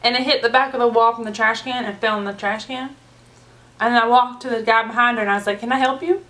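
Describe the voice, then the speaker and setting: A woman vlogger chats through a storytime with a fairly high, bright voice. She tells it casually and animatedly, with loose everyday slang. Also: steady tone, quick pace. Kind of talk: storytime vlog.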